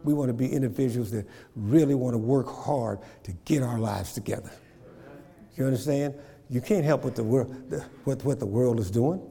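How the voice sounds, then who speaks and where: A man's voice: mid-range voice, normal speed, creaky, mellow, in a large hall. A man preaching a sermon, repeating phrases and checking in with his congregation. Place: church.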